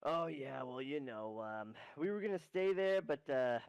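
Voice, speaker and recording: A man's voice: medium pitch, expressive, measured pace, vocal fry, smooth, no room sound. A man voicing a laid-back male ox clerk who talks in a casual, rambling, confiding way.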